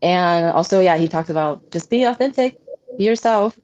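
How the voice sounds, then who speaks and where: A woman talking as an interview guest, telling stories in a lively way and laughing often. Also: fairly low pitch, normal speed, highs cut off. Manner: laughs often, animated storytelling. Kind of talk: casual interview conversation.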